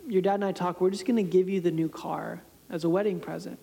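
A man's voice: high-pitched, fairly even intonation, fast, gravelly, mellow. A man quoting his upbeat, chatty middle-aged mother in a breezy, cheerful tone during a sermon. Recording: reverberant hall sound.

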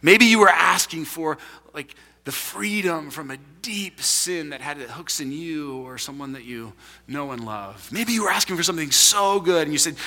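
A man preaching a sermon to a congregation in a large room, animated and emphatic. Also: fairly high pitch, normal speed, big-room sound. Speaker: pastor.

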